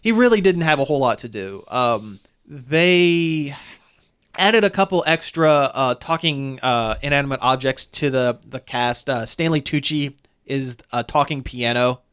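A man's voice: mid-range voice, lively intonation, measured pace, fairly bright tone, clean tone. A man in casual chat reviewing a film, rambling with restarts and fillers as he goes. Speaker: movie reviewer.

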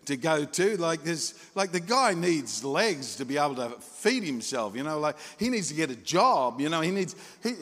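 Male pastor, lively sermon storyteller, fairly high voice, big church reverb. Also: moderate pace, few pauses. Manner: animated storytelling, acting out voices, chuckling asides. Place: church hall.

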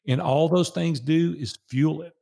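A man's voice: a little high, unhurried, gravelly, warm tone. An older man with a Southern US accent, a podcast guest telling personal stories in an earnest way and repeating phrases for emphasis. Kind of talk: casual storytelling interview.

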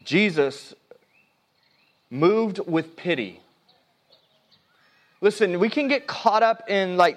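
A male pastor with a voice that sits high preaches a sermon earnestly. He swings between hushed and emphatic delivery, often stopping and restarting mid-phrase.

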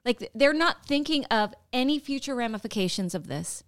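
A woman's voice: a little high, expressive, brisk, no echo, clean studio sound. A woman co-hosting a podcast in casual chat, talking in a chatty, earnest way. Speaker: podcast co-host.

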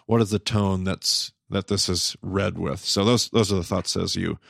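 A man's voice: low-pitched, fairly even intonation, normal speed, gravelly, a bit bright, no room sound, clean studio sound. A man hosting a podcast, thinking aloud in a casual Bible study discussion, searching for words and restarting phrases. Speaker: podcast host.

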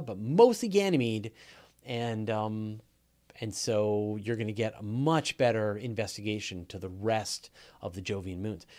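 A man's voice: on the low side, mellow. A man with a Canadian accent hosting a live question show, talking enthusiastically with many fillers and restarts. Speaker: podcast host.

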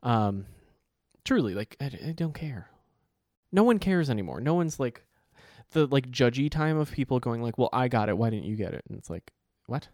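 Animated man in casual chat. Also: mid-range voice, moderate pace, no room sound, studio quality. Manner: animated, acts out quoted voices, joking.

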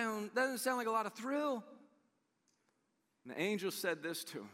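A high-voiced man preaching with a bright, forceful tone. He talks in a loose, conversational way, acting out the characters in his story. His voice rings out with a long reverb, as in a large church sanctuary. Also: moderate pace. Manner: animated, conversational, acts out quotes. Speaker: pastor. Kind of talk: sermon.

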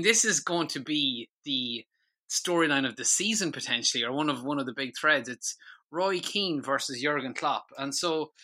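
A man hosting a casual football podcast, chatty and quick to laugh. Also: on the high side, pushed and bright. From Ireland. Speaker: podcast host.

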